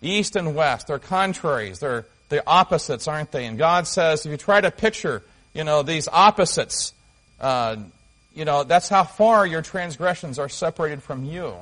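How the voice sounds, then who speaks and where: A male pastor delivering a sermon in a voice a little higher than most men's. He speaks earnestly, leaning hard on key phrases, and pauses and restarts as he reads and explains passages. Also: a bit bright, rough recording.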